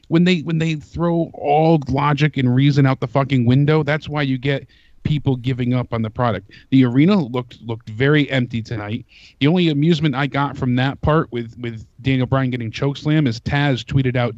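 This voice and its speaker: A man's voice: medium pitch, a little mellow, dry recording, highs cut off. A man co-hosting a casual review chat, sarcastic and exasperated. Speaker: co-host.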